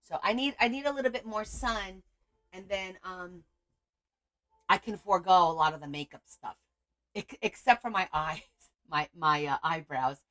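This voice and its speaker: A woman's voice: lowish voice, moderate pace, fairly bright tone. A middle-aged woman hosting a casual livestream, chatting in a rambling way and greeting viewers by name. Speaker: livestream host.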